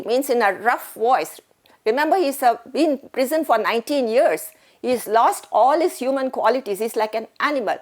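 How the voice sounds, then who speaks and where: High-voiced teacher. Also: female voice. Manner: explains slowly, repeats and asks questions. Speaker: English teacher. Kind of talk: recorded classroom lesson.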